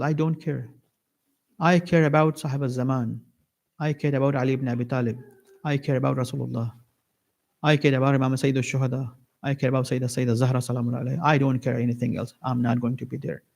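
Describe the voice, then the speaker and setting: Man preaching an animated sermon. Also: fast, creaky. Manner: animated, acts out little dialogues with varied pitch. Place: mosque lecture hall.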